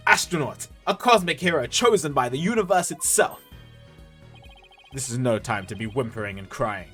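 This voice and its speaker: A man doing a bombastic shouting astronaut. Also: a little high. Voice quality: loud, theatrical, strained shouting. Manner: swings from timid stammering to bombastic speeches. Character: melodramatic middle-aged male astronaut, emotional.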